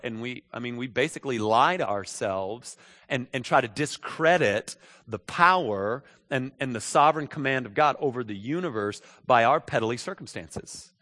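Bright-voiced preacher in an echoey hall. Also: male voice, medium pitch, a little fast. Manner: conversational, repeating phrases, checking in with listeners. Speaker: pastor. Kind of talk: sermon.

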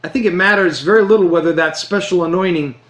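A man preaching a sermon, earnest and emphatic, slowing down to stress key phrases. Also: high voice, fairly bright tone. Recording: roomy echo.

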